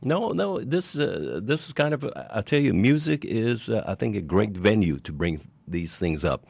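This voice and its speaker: An older man hosting a radio interview, rambling with pauses and gushing with praise. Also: on the low side, sing-song, vocal fry, darkish tone, breathy edge, no echo. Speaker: radio show host.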